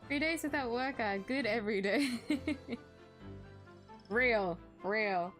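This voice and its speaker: A woman's voice: fairly high pitch, takes it slowly, pauses often, a bit bright, soft background music. A young woman streamer chatting casually to viewers while playing a game, giggly and self-deprecating.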